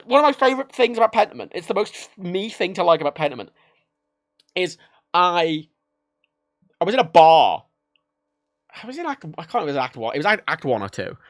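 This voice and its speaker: Male streamer, casual and rambling, lively swooping delivery, bright edge, dry close sound, loose with swearing. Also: high voice, dry recording. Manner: rambling, self-correcting, swears freely. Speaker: livestreamer. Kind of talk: casual livestream chat about games.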